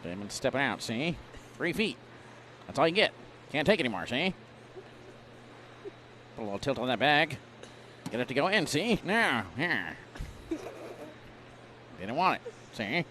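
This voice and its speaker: A man's voice: mid-range voice, sing-song, measured pace, pauses often, pushed and bright, a little hiss or hum. A man doing a wisecracking 1930s mobster. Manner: ends every phrase with a clipped "see?". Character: brash 1930s mobster man, tough-talking. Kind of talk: mock play-by-play commentary.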